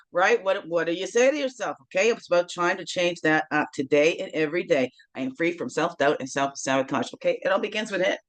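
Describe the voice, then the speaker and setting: A woman's voice: fairly low pitch, lively intonation, brisk, rough recording. Chatty encouraging woman with Newfoundland lilt. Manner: chatty and encouraging, often tags lines with "okay?"; playful, chuckles and sings along between thoughts. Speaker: host of a daily self-care guidance show. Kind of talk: casual motivational vlog talk.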